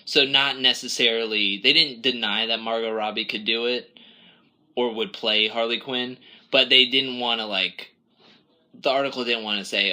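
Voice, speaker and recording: Guy cohosting a podcast, low voice but really bright and sharp, rambly casual chat. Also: fairly even intonation, normal speed. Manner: rambling, self-correcting, acts out quotes. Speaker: podcast co-host.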